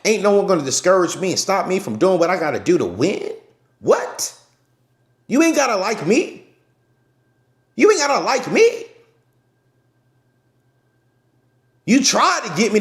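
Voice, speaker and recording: A man hosting a live stream, talking loudly and passionately to his viewers in a preachy, repetitive way. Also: sits high, echoey room. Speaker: channel host. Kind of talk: passionate livestream talk. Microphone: phone camera.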